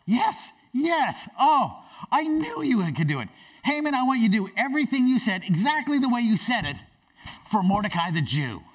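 A pastor voicing an excitable, loud Persian king who gushes and shouts in a high voice. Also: extremely slow, few pauses, far from the mic, full character voice. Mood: delighted.

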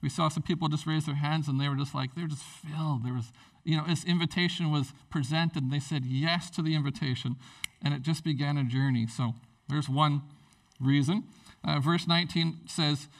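Male pastor with a lightly raised pitch, joking sermon delivery, recorded from some distance. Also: normal speed. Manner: animated, jokey, acts out characters in quotes.

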